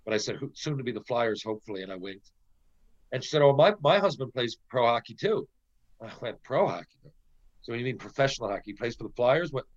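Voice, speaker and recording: A man's voice: medium pitch, fast talker, dull audio. A middle-aged Canadian man, a former pro hockey player, telling a casual anecdote with plenty of swearing and acted-out quotes. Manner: animated, profane storyteller who acts out quotes.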